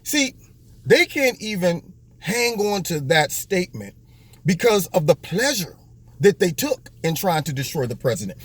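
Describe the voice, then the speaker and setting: A man with a high, lively voice hosts a political commentary monologue. His delivery is mocking and animated. He keeps breaking into little acted-out voices. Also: unhurried, breathy edge. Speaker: host.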